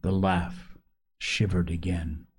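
A man narrating a novel aloud in a measured, dramatic way. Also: sits low, level tone, husky. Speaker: audiobook narrator. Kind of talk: expressive novel reading.

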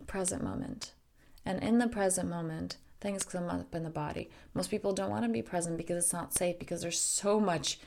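Earnest and direct, with occasional mild profanity, a woman who works as a life coach and podcast host talks to her listeners in a casual monologue. Her voice is fairly low and darkish, with noticeable vocal fry.

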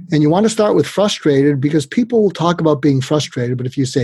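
An older man, a guest expert, giving communication advice in a lively conversational way, acting out quotes as he goes. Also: fairly high pitch, fairly quick, hardly any pauses, breathy edge, dry recording. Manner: animated, tells tips with acted-out quotes. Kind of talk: conversational interview.

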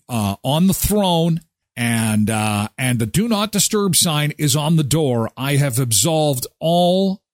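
A man's voice: no echo, clean studio sound. A man hosting a live morning talk show, telling stories in a casual, joking way and acting out scenes. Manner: animated storytelling, acting out scenes in squeaky voices. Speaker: host.

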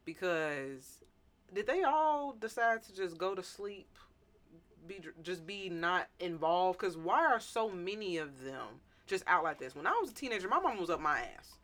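A woman's voice: on the low side, moderate pace. A woman hosting a podcast, chatting casually and laughing often as she tells stories. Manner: animated, laughs often, repeats words. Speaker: podcast host. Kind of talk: casual chat.

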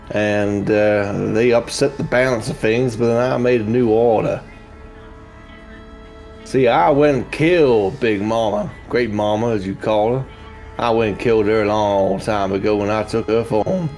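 A man voicing an ancient female swamp hag who becomes a black dragon, drawn-out and threatening. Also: fairly low pitch, darkish tone, faint music behind. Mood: grim.

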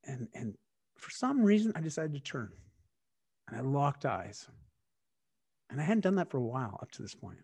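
A man's voice: a little high, big pitch swings, brisk, darkish tone, slightly rough, dry recording. A man from Canada telling his own story in a candid, reflective way, often restarting his sentences. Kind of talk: personal storytelling.

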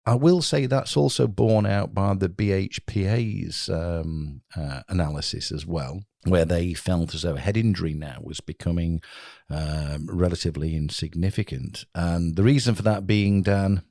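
A man's voice: deep voice, normal speed, gravelly, dark tone, dry recording, clean studio sound. A man hosting a casual chat, explaining with statistics and plenty of fillers.

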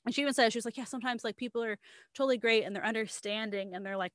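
A woman's voice: a little high, fast, no room sound, studio quality. A woman in casual chat, retelling a story at length with lots of "like" and quoted voices. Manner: animated storytelling, quoting others, frequent "like".

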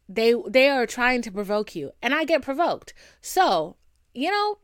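A young woman hosting her own podcast, venting and telling stories in a candid, profane, animated way. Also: fairly high pitch, smooth, no room sound, clean studio sound. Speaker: podcast host. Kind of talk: casual solo podcast venting.

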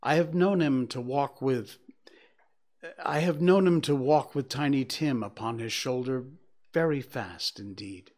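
A man voicing a gentle weary mother. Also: on the high side, a little slow, pitched above the performer's own voice. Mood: tender. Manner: steady, softly cheerful.

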